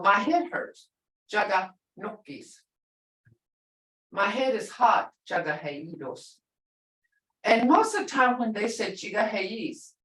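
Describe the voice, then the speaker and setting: A chatty woman instructor talks casually with her class and repeats words slowly so they can follow. Her voice sounds echoey and a little distant from the mic, as if picked up across a room. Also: medium pitch, a bit bright. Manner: chatty, explains with stories, repeats words for learners. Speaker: language instructor.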